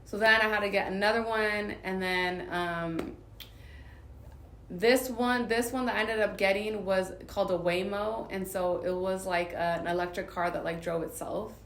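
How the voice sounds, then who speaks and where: A woman's voice: mid-range voice, steady tone, normal speed, a bit bright, a little hiss or hum. A woman from Southern California telling a personal story in casual, rambling talk, full of filler words. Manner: rambling, filler-heavy retelling. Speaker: vlogger. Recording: roomy echo.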